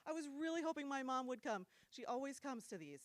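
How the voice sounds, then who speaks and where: Middle-aged woman preacher from New Jersey: chatty, animated, dry close sound. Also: high-pitched, a little fast, no echo. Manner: animated, self-deprecating, laughs often. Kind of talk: casual storytelling sermon. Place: church room.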